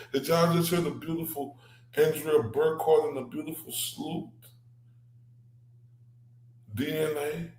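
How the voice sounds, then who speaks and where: A man hosts, reacting to clips in a heated, profane, repetitive rant. His voice sits a little high and moves at an unhurried pace. The room around him rings with a noticeable echo. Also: darkish tone. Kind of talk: profane ranting reaction commentary. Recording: roomy echo.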